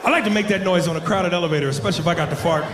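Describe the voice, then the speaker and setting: A man performing a live stand-up comedy routine, loud and animated, shouting his punchlines and slipping into silly voices. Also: high-pitched, racing. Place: comedy club stage. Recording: roomy live venue with audience noise. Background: audience laughter.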